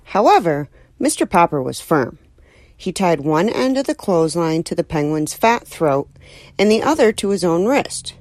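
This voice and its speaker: Brief: woman storyteller, very lively intonation, dry close sound, expressive audiobook narration. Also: on the low side, normal speed, dry recording. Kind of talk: audiobook reading of a children's novel.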